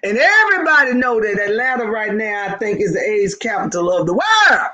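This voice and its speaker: A woman's voice: medium pitch, big pitch swings, a little fast, sharp tone. A woman hosting a casual live stream, gossiping, laughing often and calling out to her viewers.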